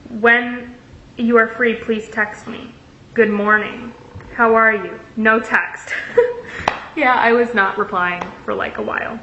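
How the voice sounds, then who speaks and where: A woman's voice: a little high, steady tone, takes it slowly, pushed and bright. A young woman in a casual storytelling vlog, reading out messages with sarcastic asides. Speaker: vlogger. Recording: echoey room, dull lo-fi sound, faint hiss.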